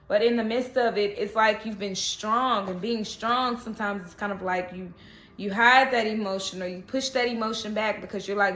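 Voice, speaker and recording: A woman giving a casual, animated tarot reading, often checking in with "okay?" and repeating reassurances. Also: mid-range voice. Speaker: tarot reader. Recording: echoey room with faint noise.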